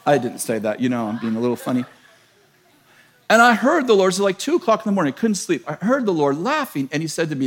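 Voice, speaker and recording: A middle-aged American pastor preaching a sermon to a church, telling a story with laughter and self-mocking humor. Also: male voice, high voice, expressive, fairly quick. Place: large church.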